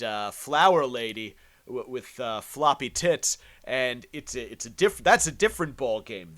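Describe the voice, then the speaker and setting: Guy hosting a podcast, foul-mouthed, rambly, tons of uhs and restarts, middle pitch. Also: a bit bright. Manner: profane, rambling, many fillers and restarts. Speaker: podcast host. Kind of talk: crude comedic commentary on video clips.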